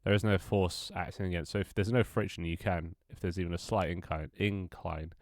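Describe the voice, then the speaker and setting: A man's voice: sits low, fairly even intonation, a little fast, dry recording, studio quality. Stuffy-nosed man streaming. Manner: rambling, self-mocking, swears casually. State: stuffy, congested nose. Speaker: game developer streaming live. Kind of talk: casual live-stream chat.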